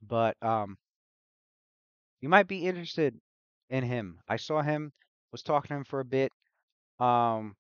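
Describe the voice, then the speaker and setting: A man's voice: on the low side, dry recording, dull audio, natural voice. A man voicing a hyperactive, scatterbrained young woman mage who rambles from one thought to the next.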